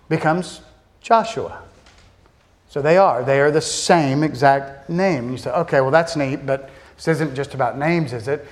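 Pastor preaching in a higher voice. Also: male voice. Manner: conversational preaching, rhetorical questions, voices the congregation's doubts; slows and drops soft on key words for emphasis. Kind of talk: sermon.

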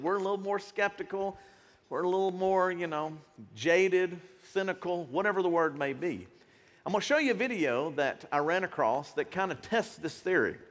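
Middle-aged preacher guy, chatty sermon, pretty high voice, big hall echo. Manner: lively, conversational preaching. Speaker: pastor. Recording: reverberant church hall.

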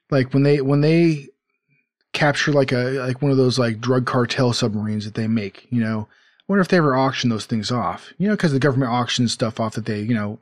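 A man's voice: medium pitch, no echo, clean studio sound. A man hosting a casual podcast, rambling with many fillers and restarts. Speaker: podcast host.

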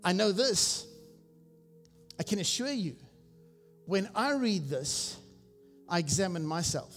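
A senior pastor preaching a sermon, exhorting the congregation and asking them questions. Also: male voice, high voice, animated, a little slow, long pauses. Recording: long reverb with faint music.

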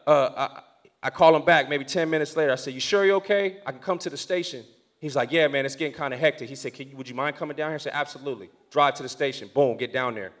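A young man preaching, telling a story from the pulpit and moving between hushed, prayerful passages and loud, excited ones. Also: a little high. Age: young adult. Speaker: pastor. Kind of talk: sermon storytelling.

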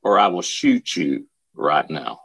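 A furious camp major barks and screams his orders, shooting up high and loud in anger, as a man puts him on while telling a story. The voice underneath is low and husky, pushed into rage. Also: animated, slow, full character voice. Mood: threatening. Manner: shouting, furious, commanding. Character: enraged screaming male Nazi camp major. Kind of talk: acted quote within a spoken story.

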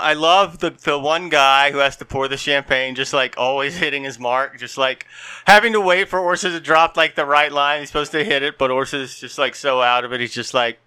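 A man co-hosting a podcast, talking loosely and laughing often between half-finished thoughts. His voice is bright and crisp, recorded close and dry. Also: on the high side, no room sound. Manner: laughs often, trails off and restarts mid-story. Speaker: podcast co-host. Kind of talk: casual chat.

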